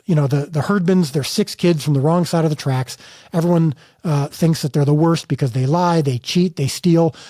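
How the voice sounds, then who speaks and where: A man's voice: fairly high pitch, warm tone, no echo, studio quality. A middle-aged man from the United States, a filmmaker telling stories in a candid interview with emphatic, earnest restarts. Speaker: filmmaker guest.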